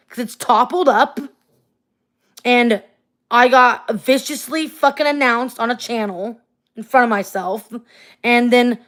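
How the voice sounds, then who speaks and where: A woman's voice: fairly high pitch, fairly bright tone. Woman, angry, swearing, tired, late-night livestream rant, phone or webcam at home. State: tired, up at four in the morning.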